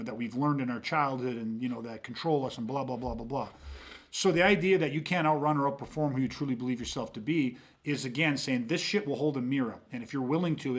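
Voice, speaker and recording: A middle-aged man on a podcast, talking intensely and swearing often, with frequent restarts as he builds a point. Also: mid-range voice. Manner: intense, profane, repeats words when starting sentences. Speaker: podcast host. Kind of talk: casual podcast conversation.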